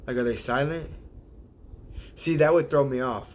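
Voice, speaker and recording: A man's voice: mid-range voice, moderate pace. A man hosting a casual livestream, rambling and hesitant, laughing often as he sounds out viewers' names. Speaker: livestream host.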